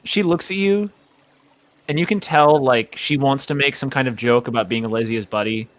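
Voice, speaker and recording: A man's voice: medium pitch, normal speed. A man narrating as game master of a tabletop horror game, loose and full of filler words. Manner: loose, hedging, full of likes and kindas.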